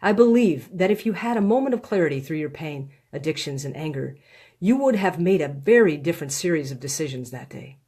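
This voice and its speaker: A woman reading her own book aloud in a live stream, pleading and heartfelt, with slow, deliberate phrasing. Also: low-pitched, animated, mellow, breathy edge. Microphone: phone or webcam on a live stream.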